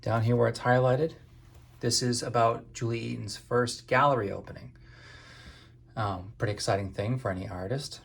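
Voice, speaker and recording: A man's voice: medium pitch, fairly even intonation, moderate pace, vocal fry, husky. A man from Maine giving a casual spoken book review in a conversational, hesitant way.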